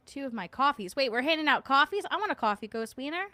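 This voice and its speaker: A woman's voice: a little high, big pitch swings, normal speed, pushed and bright, dry recording. A woman hosting a casual livestream, chatting with viewers. She reads their comments aloud, jokes and laughs often, and hums little filler tunes. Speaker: livestream host.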